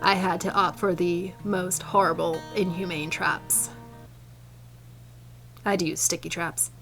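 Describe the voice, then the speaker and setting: A woman vlogger telling a comic story to camera in an animated, theatrical, playfully indignant way. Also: lowish voice, takes it slowly, gravelly, soft background music.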